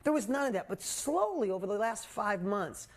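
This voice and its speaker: A man in his forties, a coach hosting a live group call, telling a personal story in a candid, animated way with casual swearing. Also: sits high, normal speed. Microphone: video call.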